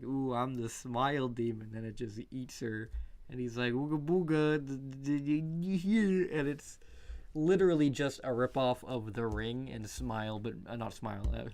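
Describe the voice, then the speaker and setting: Laughing, rambling male streamer. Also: mid-range voice. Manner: laughs often, swears, rambling and animated. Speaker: streamer reviewing movies. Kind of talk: casual live-stream chat.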